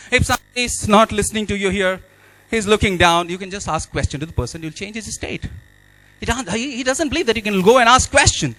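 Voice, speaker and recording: A man's voice: high-pitched, sharp tone, no room sound, rough recording. A man giving a motivational speech, emphatic and repeating key phrases. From India. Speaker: speaker at an awards event.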